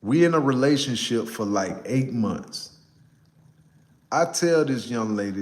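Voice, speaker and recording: A young man, casually telling a personal story to a live chat, animated and repeating himself for emphasis. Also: mid-range voice, moderate pace, roomy sound.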